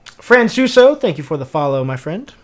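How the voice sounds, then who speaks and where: A man's voice: fairly high pitch, big pitch swings, moderate pace. A man from Tennessee with a Southern accent, chatting casually with viewers on a livestream while he works, greeting people and humming to himself. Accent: Southern American (Tennessee). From Tennessee, USA. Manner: laid-back, greets viewers, mutters and hums while working.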